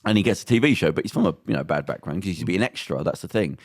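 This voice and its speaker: A British man co-hosting a casual podcast chat. His voice is low and gravelly with a creaky edge, and it sounds close and dry. He tells a story with relish and acts out the other people's lines. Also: very fast, no echo. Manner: animated, acts out other people's lines when retelling a scene. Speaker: podcast co-host.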